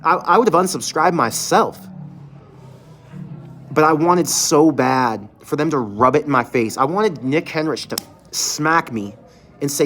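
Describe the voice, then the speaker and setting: A man's voice: on the high side, animated, measured pace, a bit bright. A man hosting a fan channel livestream, venting candidly with casual swearing from an empty closed restaurant.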